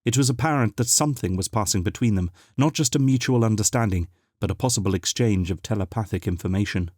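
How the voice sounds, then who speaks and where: Brief: male audiobook narrator, lowish voice, measured and dramatic, dry booth sound. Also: a little mellow, no echo.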